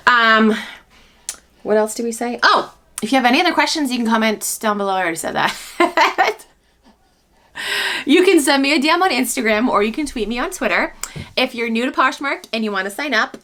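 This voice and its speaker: A woman's voice: a little high, fairly bright tone. A young woman vlogger talking casually and candidly, rambling with frequent fillers. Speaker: reseller vlogger. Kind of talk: casual vlog chat.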